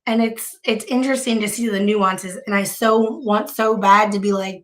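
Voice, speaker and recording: A woman live streamer chatting casually to her viewers, hoarse with bronchitis, with heavy vocal fry and a rambling way of talking full of restarts. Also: medium pitch, steady tone, moderate pace, few pauses, fairly bright tone.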